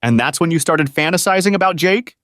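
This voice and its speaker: A man voicing a calm spirit guide who talks earnestly and gives frank advice. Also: a little high, brisk, no echo, studio quality, voice pushed up. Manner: earnest, questioning, advising.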